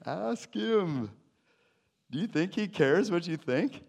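A man preaching a sermon to his church, animated and jokey, with sudden loud bursts. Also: high voice, slow, gravelly. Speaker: pastor.

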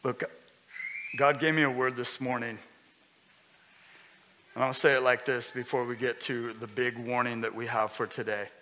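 A man preaching a sermon as pastor, conversational and lively, with sudden loud bursts. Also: medium pitch, moderate pace, pauses often, slight background noise. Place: church hall. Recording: long hall reverb.

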